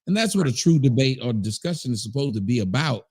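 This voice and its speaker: A man joining a debate who speaks in a measured way, explaining his points to the viewers. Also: medium pitch, expressive, darkish tone, slightly rough, dry recording, studio quality. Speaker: debate guest. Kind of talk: debate commentary.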